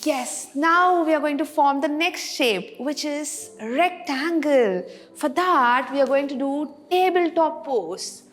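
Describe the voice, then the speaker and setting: A woman's voice: high-pitched, expressive, slow pace, faint music behind. A woman leading a playful yoga class for kids, counting poses aloud and encouraging them. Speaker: yoga instructor.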